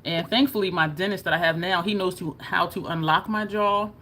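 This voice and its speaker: A woman's voice: on the low side, a little fast, fairly bright tone, a little hiss or hum. A woman vlogging to camera in a casual, chatty way, laughing often and showing her jaw as she talks. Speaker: beauty vlogger.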